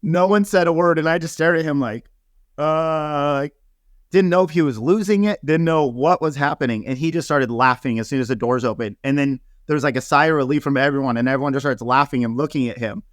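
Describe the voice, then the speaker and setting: A man, a hairstylist guest in an interview, telling casual stories with an animated, chatty manner and lots of filler words. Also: a little high, a little fast, no echo, studio quality. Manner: animated, laughing storyteller with many fillers.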